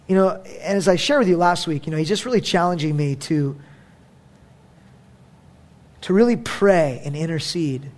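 A man's voice: fairly high pitch, darkish tone. A man preaching a sermon as a pastor, conversational and emphatic, with casual fillers.

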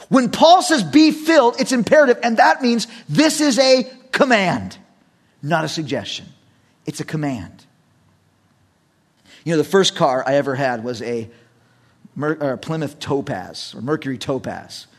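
Middle-aged man preaching, wide swings in pitch, voice set a bit high, storyteller energy. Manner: animated storytelling, acts out shouted quotes. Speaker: pastor. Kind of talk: sermon with personal stories.

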